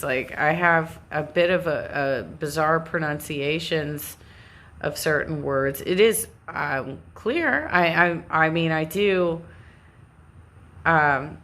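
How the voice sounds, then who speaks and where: A woman with a Californian accent chats at an unhurried pace to her live stream viewers. Her voice sits low, and she rambles, restarts and laughs off her own sentences as she goes. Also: a bit bright. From Southern California. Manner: rambling, self-interrupting, laughs often. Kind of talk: casual monologue.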